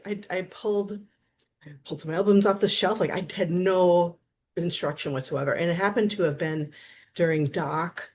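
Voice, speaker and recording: A woman in her fifties from Wisconsin, a therapist guest telling lively stories and acting out quotes in a casual interview. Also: fairly low pitch, normal speed. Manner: animated storyteller, acts out quotes.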